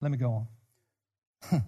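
A man preaching a sermon as a pastor, speaking with passion and sometimes rising to near-shouts. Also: mid-range voice, fairly even intonation, slow, husky. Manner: impassioned, rises to near-shouts. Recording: long hall reverb.

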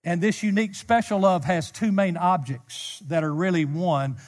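A man preaching a sermon as a pastor, speaking with passion and sometimes rising to near-shouts. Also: high-pitched, normal speed. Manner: impassioned, rises to near-shouts. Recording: long hall reverb.

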